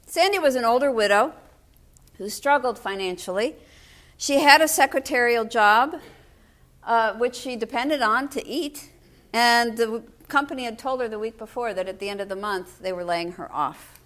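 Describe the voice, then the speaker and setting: A woman's voice: a little high, normal speed, fairly bright tone. An older woman pastor delivering a sermon in a storytelling way, with wry humor.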